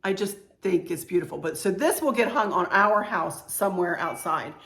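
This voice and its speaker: A woman's voice: on the low side, moderate pace, gravelly, fairly bright tone. A woman in her sixties chatting casually as she shows off purchases and family heirlooms at home, gushing about everything being cute. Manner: chatty, gushing, frequent "you know" and "cute". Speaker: home decor vlogger. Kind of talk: casual show-and-tell vlog. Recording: echoey room.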